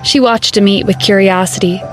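A woman narrating a romance audiobook in an even, steady storytelling manner. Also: mid-range voice, fairly quick, faint music behind.

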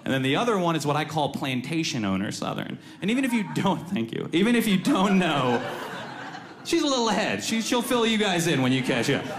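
A man's voice: a little high, big pitch swings, brisk, background noise. A man doing a stand-up set, sarcastic and mocking, slipping into put-on voices. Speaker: stand-up comedian.

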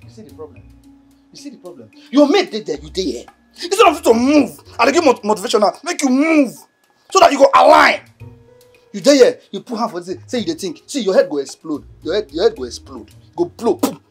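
An actor with a Nigerian accent playing a cheeky young houseboy who mocks and teases in a sing-song way. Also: male voice, high-pitched, very animated, a little fast, fairly bright tone, slightly rough, faint music behind, full character voice. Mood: teasing. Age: young adult. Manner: mocking, teasing, sing-song. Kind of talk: film acting.

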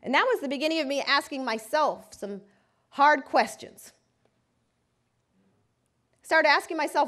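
A woman's voice: high-pitched, animated, a little slow, pauses often, a bit bright. A woman lawyer giving a lecture, telling a personal story vividly and dramatically. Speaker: civil rights lawyer and speaker.

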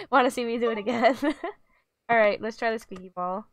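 A woman's voice: on the high side, a little slow, no echo, studio quality. A woman streaming a pet video game, coaxing her virtual dog with giggly, chatty commentary. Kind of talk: casual game livestream commentary.

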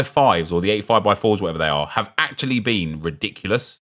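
A young man streaming a football game, chatting with viewers and reacting loudly to what he opens. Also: fairly low pitch, quick pace, few pauses. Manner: chatty, reads chat aloud, gets loud and excited at good pulls. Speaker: gaming streamer. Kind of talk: live stream commentary opening game packs.

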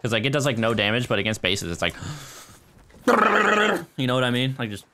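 A man's voice: medium pitch, very noisy. A young man streaming a shooter game, chatting casually, joking and laughing often as he plays. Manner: excitable, joking, quick to laugh. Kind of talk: casual gameplay chat.

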